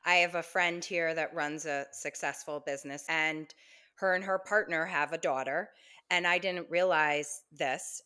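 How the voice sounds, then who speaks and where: A woman co-hosts a casual podcast chat and tells an anecdote, voicing both herself and her friend. Her voice is lowish and bright. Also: fairly even intonation, normal speed, smooth. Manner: storytelling, acts out both sides of the exchange. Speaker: podcast co-host.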